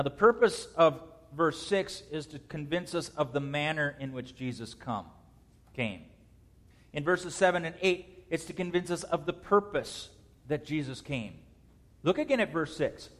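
A man preaching an expository sermon, swinging between soft, slow stretches and loud, rising bursts. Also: medium pitch. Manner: preaches with dynamic swings in loudness and pace. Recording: long hall reverb.

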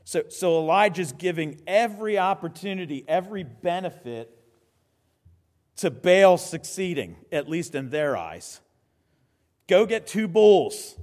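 A male pastor delivers a sermon in a slightly high voice, animated and conversational. He keeps breaking into quick asides and restarting his sentences. His voice rings with the long reverb of a large hall.

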